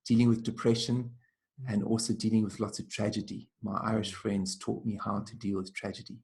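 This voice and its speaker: Gravelly, low-voiced man telling stories gently. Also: level tone. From South Africa. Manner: gentle, measured, often slows down and trails off softly. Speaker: guest, traditional healer. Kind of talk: reflective storytelling interview.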